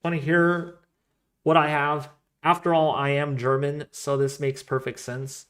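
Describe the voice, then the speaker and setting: A man hosting a live weather stream, talking casually and excitably, rambling off into asides while reading the models and the chat. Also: on the high side, measured pace. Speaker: weather livestream host.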